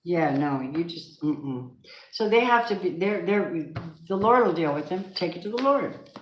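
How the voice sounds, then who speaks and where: A woman's voice: lowish voice, expressive, measured pace, a little hiss or hum. A woman giving a casual spiritual tarot reading, emphatic and preachy, talking straight to the viewer. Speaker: tarot reader. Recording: echoey room.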